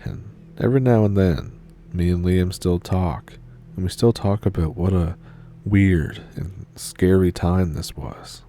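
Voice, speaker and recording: A man reading a scary first-person story aloud in a measured storytelling manner. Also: low-pitched, warm tone, slight background noise. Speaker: narrator. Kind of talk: scripted horror story narration.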